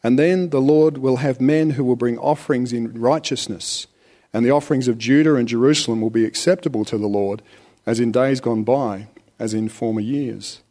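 A man preaching a relaxed, conversational sermon, with rhetorical questions and chuckles. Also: mid-range voice, moderate pace. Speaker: pastor.

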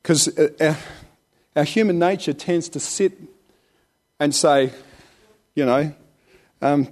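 Chatty preacher man, slightly high voice. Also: slow pace, pauses often. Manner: relaxed, chatty preaching with chuckles and rhetorical questions. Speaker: pastor. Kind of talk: conversational sermon.

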